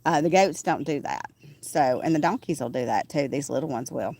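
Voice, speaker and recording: A woman's voice: low-pitched, moderate pace, dark tone. A woman, chatting casually on a livestream from outdoors on her small farm, rambling with frequent "um" fillers. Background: roosters crowing and farm animals.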